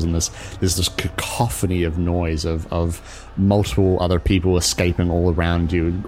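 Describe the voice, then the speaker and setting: Man, game master, very low voice, halting narration, faint background music. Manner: halting, filler-heavy storytelling.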